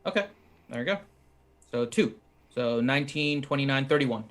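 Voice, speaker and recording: A man playing a tabletop game, chatting in a lively way with the group. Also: medium pitch, moderate pace. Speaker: player. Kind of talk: casual tabletop game chat.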